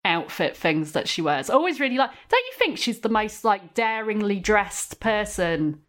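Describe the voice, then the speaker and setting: A woman's voice: mid-range voice, very animated, normal speed, fairly bright tone. Giggly rambling woman guest. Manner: giggly, rambling, lots of fillers. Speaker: podcast guest, comedian. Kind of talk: casual chat.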